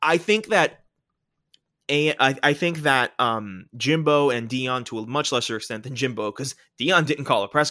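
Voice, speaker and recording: A man's voice: medium pitch, fairly bright tone, no echo, studio quality. A man hosting a casual sports talk show, explaining his points emphatically and often checking in with "right?".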